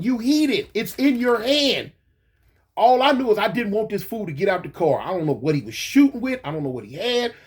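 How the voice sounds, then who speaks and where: A man casually recounting a past event, animated, stumbling over restarts and mouthing gunshot sounds. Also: high voice, husky. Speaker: guest recounting a shooting. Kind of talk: casual storytelling.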